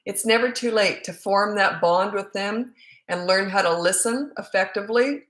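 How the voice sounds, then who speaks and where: This parenting coach, a woman in her fifties, answers live questions with emphatic, repetitive advice and some self-mocking laughter. Her voice sits in the mid-range, fairly bright, at a normal pace. The recording sounds roomy and echoey.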